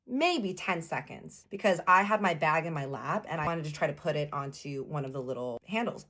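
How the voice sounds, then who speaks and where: Woman, deep voice, casual story, acts out quotes, says y'all. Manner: animated, acts out quotes, addresses listeners as y'all.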